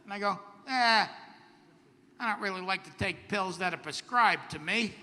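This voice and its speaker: On an outdoor comedy stage at a camp festival, a middle-aged man performs stand-up with wry, self-deprecating humor and punchy delivery. His voice is high-pitched at a normal speed, with a long reverb tail and background noise.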